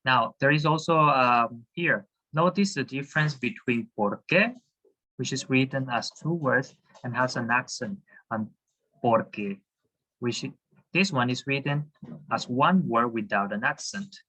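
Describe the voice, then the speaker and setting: A man's voice: medium pitch, expressive, measured pace, pushed and bright, rough recording. A man teaching a class over a video call, hesitant, with many fillers and restarts. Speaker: Spanish teacher.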